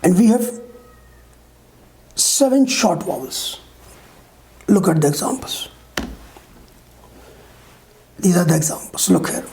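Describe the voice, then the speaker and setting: A woman's voice: fairly low pitch, animated, vocal fry, darkish tone, slight background noise. A woman teaching English pronunciation, saying each sound with an example word and checking in with the learner. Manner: slow, deliberate, models each sound with examples. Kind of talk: pronunciation lesson.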